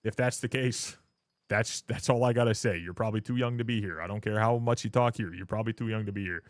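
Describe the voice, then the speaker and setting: A man's voice: lowish voice, steady tone, quick pace, dry recording, clean studio sound. A young man streaming live, ranting to his chat in a blunt, profane way and mocking other people in put-on voices. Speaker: livestreamer.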